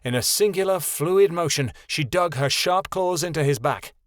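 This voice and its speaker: A man narrating a fantasy audiobook in a measured, expressive reading. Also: fairly high pitch, no room sound, studio quality. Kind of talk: scripted narration.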